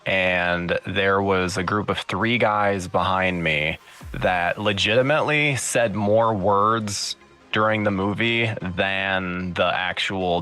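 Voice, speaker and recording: Guest, man, low-ish voice, bright tone, blunt swearing rants, faint music behind. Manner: blunt, profane ranting. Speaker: podcast guest. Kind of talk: casual chat.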